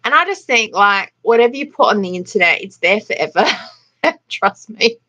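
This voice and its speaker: A woman's voice: medium pitch, expressive, normal speed, bright, forceful tone, muffled recording. A middle-aged Australian woman hosting a casual livestream, chatting and laughing as she greets viewers by name. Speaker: livestream host. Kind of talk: casual livestream chat reading comments.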